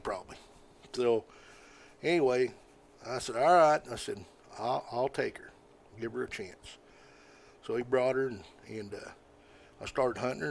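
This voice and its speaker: A man's voice: mid-range voice, gravelly, a little hiss or hum. Folksy older man. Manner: folksy, rambling, halting with many fillers. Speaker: podcast guest. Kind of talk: casual storytelling.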